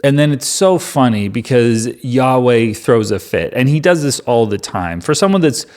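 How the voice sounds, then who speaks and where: Reading the Bible aloud in a casual way, a man keeps stopping to add joking, sarcastic remarks. His voice is mid-range, animated and a little mellow, at a moderate pace.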